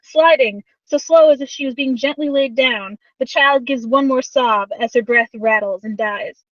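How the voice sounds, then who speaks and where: A woman game master narrating a tabletop game with animated, playful energy and the odd casual curse. Her voice is high and bright. The recording is dry but muffled, with the mic set back from her. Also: moderate pace, no echo, far from the mic.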